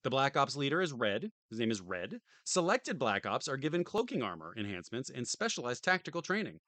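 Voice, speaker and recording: A man's voice: medium pitch, big pitch swings, brisk, pushed and bright, dry recording. A tired man streaming from home, reading a game manual aloud on a close desk mic and tossing in dry joking asides. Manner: dry, joking asides between read passages.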